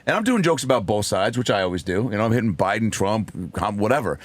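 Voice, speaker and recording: A man, a comedian, telling a story in a casual podcast chat, animated, acting out voices and swearing freely. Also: on the low side, fast talker, dry recording. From raised by a single mother. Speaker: comedian guest.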